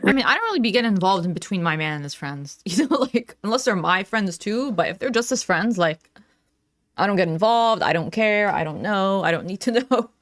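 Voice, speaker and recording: A woman's voice: mid-range voice, animated, fairly quick, dry recording, studio quality. Chatty woman reacting live to clips. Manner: chatty, talks back at the clip, thinks aloud. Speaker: reaction channel host.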